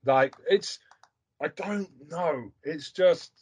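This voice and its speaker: Guy hosting a podcast, blunt crude jokes, kinda high voice. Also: slow, a little mellow, slightly rough. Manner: blunt, provocative, joking. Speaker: podcast host. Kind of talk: crude casual chat.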